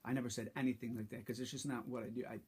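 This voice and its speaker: A man telling a personal story in a vlog, halting and frustrated, with many restarts. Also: medium pitch, level tone, a little mellow, breathy edge. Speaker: vlogger.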